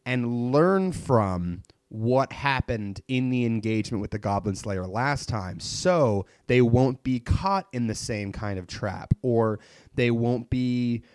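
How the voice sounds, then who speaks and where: A man's voice: medium pitch, slow pace, a little mellow, no room sound, clean studio sound. A man chatting casually about a show, rambling with lots of fillers and restarts. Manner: rambling, many likes and restarts. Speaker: podcast co-host. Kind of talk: casual chat about anime.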